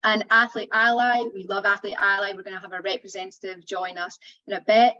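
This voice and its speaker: A woman on a video call giving a brisk, organised rundown of resources. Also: mid-range voice, a bit bright. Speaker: resource coordinator. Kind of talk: briefing on resources. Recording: dull video call audio.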